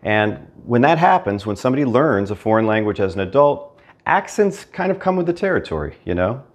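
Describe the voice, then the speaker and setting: A man's voice: mid-range voice, sing-song, a little fast. An American man hosting his own language channel, talking casually to the camera with dry, self-mocking humor. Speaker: Spanish teacher and YouTube host.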